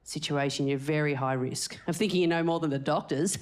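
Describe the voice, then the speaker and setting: A woman's voice: low-pitched, fairly quick, darkish tone. A woman in her forties doing live stand-up comedy, brash and crude as she teases the crowd. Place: stage before a live audience. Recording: live show with audience noise.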